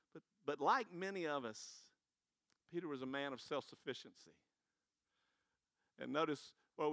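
A man preaching a sermon, animated and conversational, dropping casual slang and laughing as he goes. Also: a little high, dry recording, clean studio sound. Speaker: pastor.

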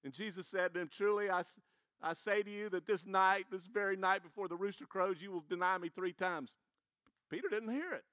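A man preaching a sermon, animated and conversational, dropping casual slang and laughing as he goes. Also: high voice, a little fast, dry recording, clean studio sound. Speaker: pastor.

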